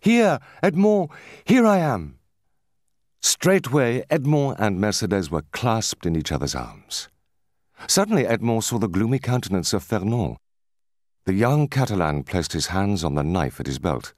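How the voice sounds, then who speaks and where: A man narrating a classic novel in a measured, expressive storytelling voice. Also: low-pitched, dry recording, clean studio sound. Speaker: audiobook narrator.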